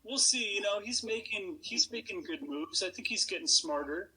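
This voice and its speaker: A man on a panel, talking in a relaxed, measured way. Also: sits high, slightly rough, poor audio. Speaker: actor on a panel. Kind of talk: casual panel talk.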